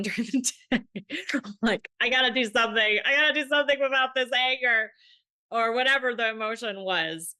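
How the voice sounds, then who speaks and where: A woman co-hosting a podcast in casual chat, animated and acting out little quoted voices as she tells stories. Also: mid-range voice. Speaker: podcast co-host.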